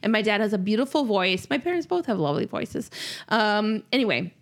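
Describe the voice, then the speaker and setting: Laughing, animated woman podcast host. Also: medium pitch, fairly quick, background noise. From Minnesota. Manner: laughs often, slips into silly voices. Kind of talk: casual chat.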